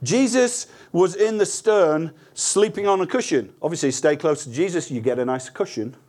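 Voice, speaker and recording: A man's voice: on the high side, lively intonation, normal speed, a little mellow. A man preaching a sermon in an earnest, conversational way, asking rhetorical questions and restarting words as he goes.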